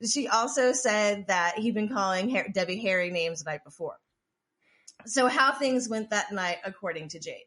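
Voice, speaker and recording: A woman co-hosting a podcast recounts a story in loose, casual chat. She swears freely, restarts her sentences often and fills gaps with "like". Her voice sits at an ordinary middle pitch. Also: lively intonation, moderate pace, a bit bright. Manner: profane, rambling, with frequent restarts and "like". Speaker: podcast co-host.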